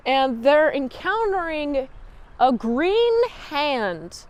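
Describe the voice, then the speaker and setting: High-voiced chatty young woman reviewer. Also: a little mellow. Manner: chatty, giggly, lots of filler words and restarts. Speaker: TV episode recap host. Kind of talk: casual spoken review.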